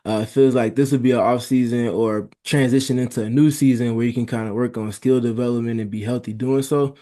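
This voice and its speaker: Man sports reporter at a presser, warm and mellow, friendly and casual. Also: medium pitch, steady tone, fairly quick. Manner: friendly, casual, hesitant fillers. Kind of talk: press conference question.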